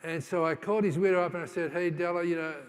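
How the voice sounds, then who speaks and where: In a large conference hall full of long reverb, a keynote speaker with a slightly high, steady-toned voice talks fast to a live audience. His storytelling is loose and conversational, full of "uh"s and restarts, and he slips into other people's voices as he quotes them.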